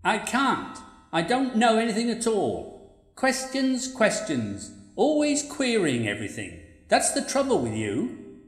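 A woman's voice: mid-range voice, wildly swooping pitch, measured pace, reverberant, soft background music. A woman voicing a sardonic, nosy female ghost who haunts a writer, teasing and needling him. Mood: puzzled.

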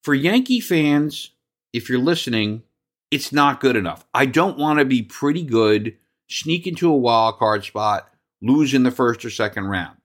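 A man's voice: medium pitch, lively intonation, normal speed, a bit bright. A man from New Jersey hosting a solo sports talk podcast, ranting angrily with profanity and sarcasm.

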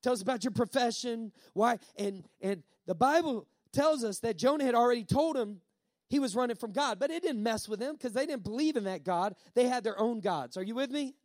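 High-voiced emphatic male preacher. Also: expressive, fairly quick, darkish tone, dry recording. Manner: emphatic, repeats lines for effect, stretches key words. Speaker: pastor. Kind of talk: sermon.

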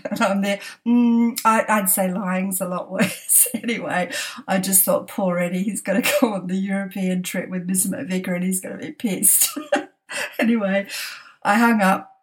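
A woman's voice: mid-range voice, normal speed. A middle-aged woman telling a family anecdote on a podcast, laughing often and acting out the quotes. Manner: laughs often while telling, animated quoting. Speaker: podcast storyteller. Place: at home desk.

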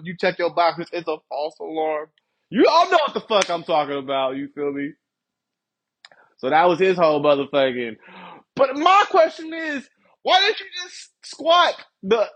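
A man's voice: a little high, lo-fi sound. A young man telling a rambling, profane story as a podcast host, laughing often and checking in with his listeners. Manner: rambling, profane, laughs often, keeps asking "you feel me". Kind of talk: casual storytelling monologue.

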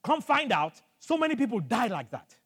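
An older man from Nigeria preaching a sermon as pastor, telling a story with animated energy and bursts of shouting. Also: extremely high pitch, moderate pace, husky, in a large hall. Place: church hall.

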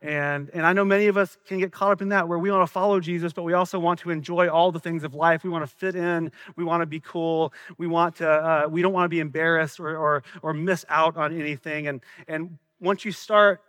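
Male pastor, Southern accent, higher-pitched voice, dry close sound, earnest sermon delivery. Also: fairly even intonation, a little fast, hardly any pauses, fairly bright tone, no echo. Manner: earnest, questioning preacher, some stumbles and repeats.

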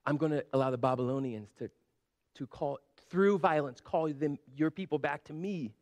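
A man voicing God as a calm, stern figure who answers plainly. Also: on the high side, moderate pace, voice pushed down, lightly acted. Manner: calm, matter-of-fact pronouncements.

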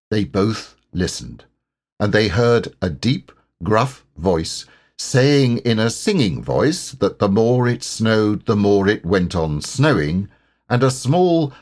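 A man narrating a children's storybook audiobook in a slow, expressive way. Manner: slow, expressive, lively pitch.

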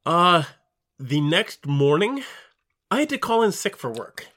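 A man's voice: sits high, very animated, sharp tone. A middle-aged man co-hosting a podcast in casual chat, stammering and restarting his sentences as he talks. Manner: halting, stammers and restarts often. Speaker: podcast co-host.

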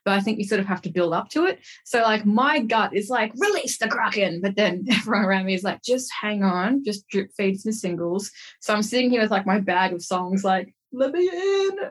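A woman's voice: medium pitch, fairly quick. Chatty Australian young woman telling stories. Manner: animated storyteller, frequent "like" fillers and laughter. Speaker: guest musician. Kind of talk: casual interview chat.

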